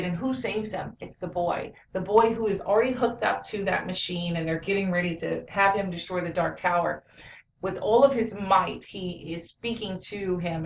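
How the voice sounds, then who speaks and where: A woman chats through a movie review and retells scenes with plenty of filler words. Her voice sits at a middle pitch. She sounds a little distant from the mic, in an echoey room with faint background noise. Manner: chatty retelling with many "you know" fillers. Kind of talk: casual video review. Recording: roomy echo, mic at a distance.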